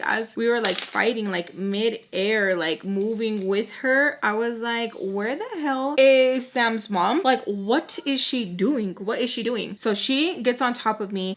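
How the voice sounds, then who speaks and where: A young woman telling a storytime in a casual, slangy, animated way, acting out the quotes. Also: mid-range voice. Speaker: storytime vlogger.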